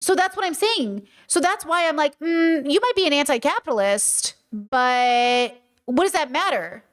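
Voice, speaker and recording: High-voiced heated woman streamer. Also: expressive, normal speed. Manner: heated, profane, rhetorical. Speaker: streamer reacting to a clip. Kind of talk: casual live-stream commentary.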